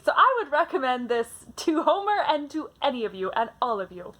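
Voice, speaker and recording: Bright-voiced young woman chatting about books. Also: high voice, a little fast. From Canada. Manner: chatty, animated, many fillers. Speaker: book vlogger. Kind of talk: casual book tag chat.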